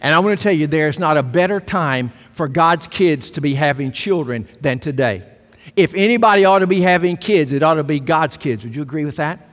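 A man's voice: a little high, animated, a little fast, a bit bright, long reverb tail. A middle-aged man preaching a sermon, emphatic, repeating key phrases and asking the congregation for agreement. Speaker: pastor.

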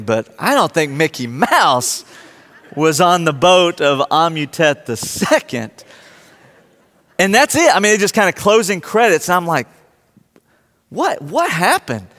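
A man's voice: on the high side, normal speed. Man telling a story in a reverberant hall. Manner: lively anecdotal, acts out his own reactions. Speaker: speaker addressing a live audience. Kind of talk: storytelling to an audience.

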